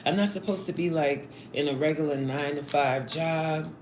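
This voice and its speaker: A woman's voice: low voice, moderate pace, darkish tone. Chatty woman in her forties, roomy room. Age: 40s. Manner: chatty, playful, eating while talking. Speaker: livestreamer reading chat. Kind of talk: casual live-stream chat. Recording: roomy echo, faint noise.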